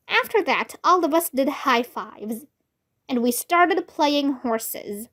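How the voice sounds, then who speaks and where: A woman reading a children's book aloud in a slow, expressive storytelling manner. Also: high voice. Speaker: storybook reader.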